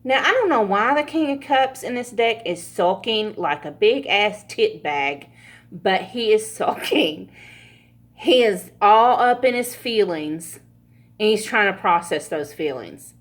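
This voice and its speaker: A woman's voice: medium pitch, animated, unhurried. A woman giving a casual pick-a-card tarot reading, chatty and laughing often, with frequent swearing. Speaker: tarot reader.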